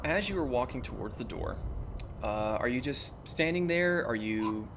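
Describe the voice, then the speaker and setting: Running a tabletop game, the game master narrates scenes in an expressive, medium-pitched voice. He takes his time and leans on plenty of fillers, with background noise present.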